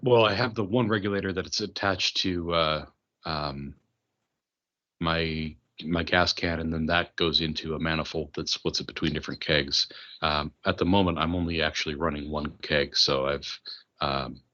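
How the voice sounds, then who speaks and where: Podcast guest: deep male voice, sharp edge, stop-start delivery with many ums, slightly dull audio. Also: fairly even intonation. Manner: halting, many fillers and restarts. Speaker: podcast guest, mead maker. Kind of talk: casual conversation.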